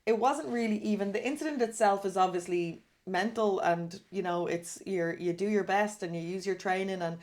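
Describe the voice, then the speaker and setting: A woman's voice: medium pitch, moderate pace, few pauses, darkish tone. Curious woman host asking questions. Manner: curious, asks reflective questions with fillers. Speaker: podcast host. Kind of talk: casual conversation.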